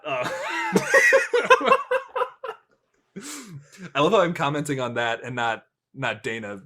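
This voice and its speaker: A man's voice: mid-range voice, bright, forceful tone. A young man hosting a casual film review podcast, rambling and crude, laughing often at his own jokes. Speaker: podcast host.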